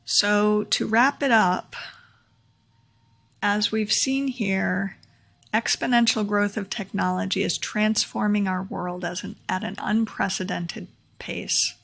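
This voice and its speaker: A woman's voice: medium pitch, steady tone, slow pace, gravelly, a bit bright. A young adult woman vlogging her takeaways in a casual, earnest explainer, repeating key points for emphasis, recorded at home. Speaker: vlogger sharing talk takeaways. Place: home room near a window.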